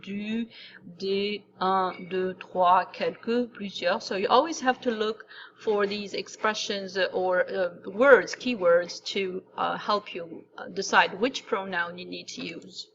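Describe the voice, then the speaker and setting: A woman's voice: mid-range voice, fairly even intonation, slow, fairly bright tone. A woman teaching French grammar in a recorded lesson, patiently explaining step by step and repeating each example. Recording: dull lo-fi recording with faint noise.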